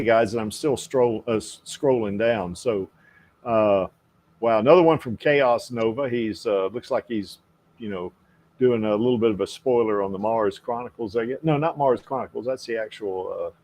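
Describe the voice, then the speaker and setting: A man's voice: medium pitch, darkish tone. A man hosts a casual livestream show, rambling through his notes with plenty of fillers. He laughs often and speaks in an ordinary mid-range voice. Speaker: podcast host.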